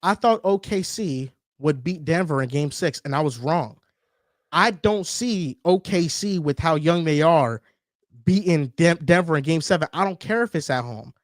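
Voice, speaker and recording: Animated man hosting a sports debate. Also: on the high side, normal speed, no room sound, clean studio sound. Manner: animated, teasing, emphatic. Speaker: sports talk show host.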